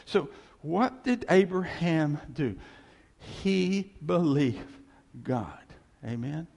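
Gravelly animated man preaching in a hall. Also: on the high side, drawn-out words. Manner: animated, swings from loud to hushed, jokes and laughs. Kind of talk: sermon. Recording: long hall reverb.

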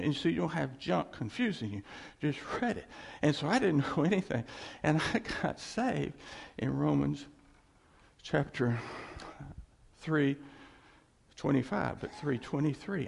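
A man preaches a sermon with a gravelly, husky voice and a pitch that leaps up and drops low. He talks to the congregation casually and asks them to follow along. His voice rings out with a long reverb in a big church hall. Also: moderate pace. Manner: animated, conversational preaching with audience call-backs. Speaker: pastor.

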